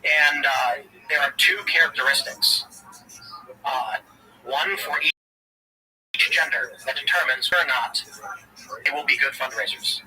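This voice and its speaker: A man's voice: mid-range voice, unhurried, long pauses, pushed and bright, husky. A man in his late thirties hosting a livestream, telling rambling casual stories and laughing at his own jokes. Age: late 30s. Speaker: livestream host. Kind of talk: casual chat. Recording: distant mic with noisy ambience.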